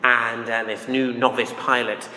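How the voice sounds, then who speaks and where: A man's voice: medium pitch, level tone, measured pace, pushed and bright. A man preaching a sermon in a loose, conversational way, with anecdotes and frequent ums and uhs. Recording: echoey hall with long reverb.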